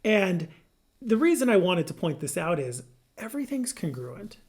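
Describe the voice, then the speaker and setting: A man, a licensed marriage and family therapist, explaining a therapy method to viewers in a lively, good-humored way. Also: high voice, moderate pace. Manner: lively, good-humored, laughs through personal example. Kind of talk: educational explainer to camera.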